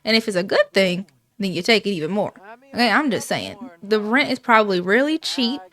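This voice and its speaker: A woman's voice: mid-range voice, sing-song, fairly quick, a bit bright, pitched below the performer's own voice. A woman voicing a blunt, pushy grandmother who nags her family in slangy, matter-of-fact talk. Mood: insistent.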